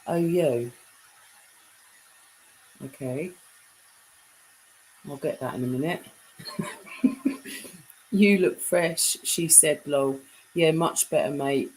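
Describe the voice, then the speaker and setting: A young British woman chatting casually on a live stream, reading out viewer comments; her voice is deep enough to be mistaken for a man's. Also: low-quality recording. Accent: British English. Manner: chatty, reads comments aloud.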